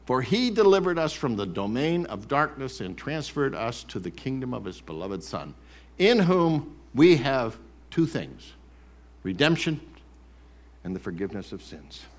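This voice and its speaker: A man preaches from a church stage mic, his pitch swinging widely as he builds. He drops to quiet, low lines, then rises loud and high, acting out an accuser's taunts. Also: sing-song, measured pace. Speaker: pastor. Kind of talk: sermon. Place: church sanctuary.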